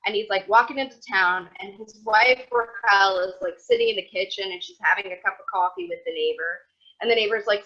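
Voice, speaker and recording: A woman, teaching a motivational class in a chatty, animated way. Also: mid-range voice, a little fast. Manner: animated, chatty, acts out quotes. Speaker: Torah teacher. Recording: dull lo-fi sound.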